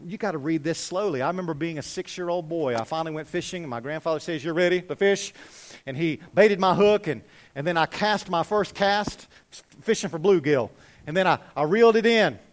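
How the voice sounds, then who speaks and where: Pastor, male, higher voice, lively sermon delivery, loud peaks then soft asides. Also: brisk. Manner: animated, swings from loud exhortation to hushed.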